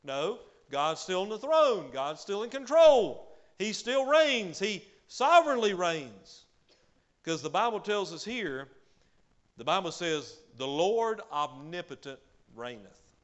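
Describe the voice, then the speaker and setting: Male preacher with a fairly high voice. Delivers an emphatic sermon that swings between loud and soft, with frequent hallelujahs. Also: big pitch swings, takes it slowly. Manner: peppers speech with hallelujah.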